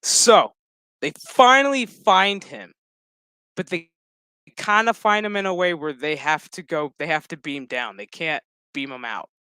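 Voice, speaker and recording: Male reviewer, casual and profane, bright and clear-voiced. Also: fairly high pitch, animated, unhurried, dry recording. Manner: profane, chatty, laughs often. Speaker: show reviewer.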